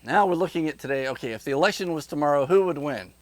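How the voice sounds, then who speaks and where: A man giving a direct-to-camera political monologue, rhetorical and animated, slipping into mocking voices. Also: a little high, fast, dry recording. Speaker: political commentator.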